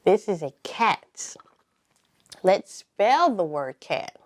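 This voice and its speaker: A woman leading a preschool circle time lesson, talking slowly and encouragingly and spelling words out letter by letter. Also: fairly low pitch, sing-song. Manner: slow, sing-song and encouraging, spelling letter by letter. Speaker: preschool teacher.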